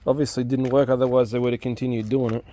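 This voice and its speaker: A man's voice: medium pitch, flat delivery, racing, dark tone. A young man, the channel host, chatting casually and asking lots of questions while working on a car in a home garage. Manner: chatty, laughs often, asks lots of questions.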